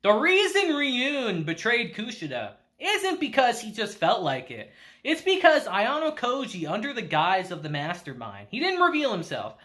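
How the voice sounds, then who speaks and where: Male anime reviewer, casual recap, lively pitch, bright tone, loose and profane. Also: normal speed. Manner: laid-back, swears, chuckles often.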